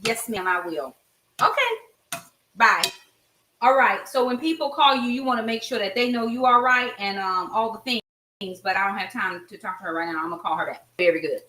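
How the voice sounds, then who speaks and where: A woman's voice: medium pitch, moderate pace, sharp tone, slight background noise. A middle-aged American woman chatting while she cooks in her home kitchen, giving blunt, friendly advice to her viewers. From United States. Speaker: cooking vlogger. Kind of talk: casual cooking vlog. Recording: voice a bit far from mic.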